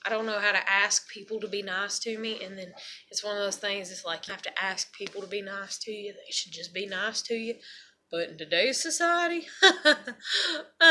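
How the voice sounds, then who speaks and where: A woman's voice: medium pitch, moderate pace, pushed and bright. A woman talking to her viewers in a rambling, profane, emotional confessional vlog. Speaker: mother vlogging to her viewers.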